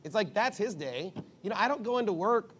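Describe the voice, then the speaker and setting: Guy preaching, kinda high voice, blunt and emphatic, goes off on rambly tangents. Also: animated, a little fast, a bit bright, a little hiss or hum. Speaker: pastor. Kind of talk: conversational sermon.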